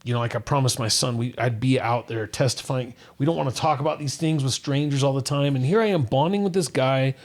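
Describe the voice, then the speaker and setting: A middle-aged man from Utah tells a personal story on a podcast. He talks earnestly and at length, circling back with many restarts and fillers, at an ordinary mid pitch. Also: fairly quick, hardly any pauses. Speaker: podcast co-host. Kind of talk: casual chat, personal story.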